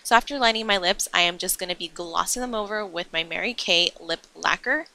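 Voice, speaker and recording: Bright, chatty young woman vlogger. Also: fairly low pitch, brisk, vocal fry. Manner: chatty and enthusiastic, explaining each step. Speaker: beauty vlogger. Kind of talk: makeup tutorial voice-over.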